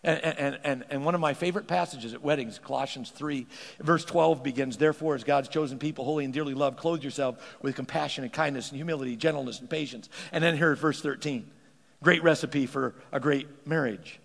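A man preaching a sermon as pastor, animated and quick to repeat words as he starts a thought. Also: mid-range voice, gravelly. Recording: long hall reverb.

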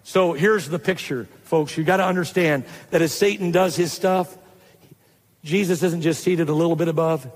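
Excitable high-voiced male preacher. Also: moderate pace, in a large hall. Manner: excitable, preaching to a live congregation. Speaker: pastor. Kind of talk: sermon. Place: church hall.

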